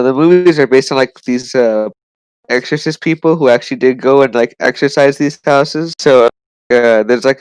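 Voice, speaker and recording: A man's voice: mid-range voice, clean tone, dry recording, low-quality recording. A young man co-hosting a casual podcast, speaking hesitantly with many fillers and restarts. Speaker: podcast co-host. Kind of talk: casual chat.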